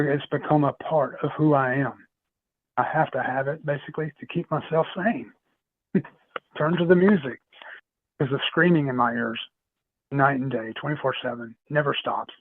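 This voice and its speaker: A man's voice: mid-range voice, dry recording. A man telling long paranormal stories as a podcast guest, rambling, repeating himself and laughing often. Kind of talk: casual storytelling chat. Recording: tinny phone-like line.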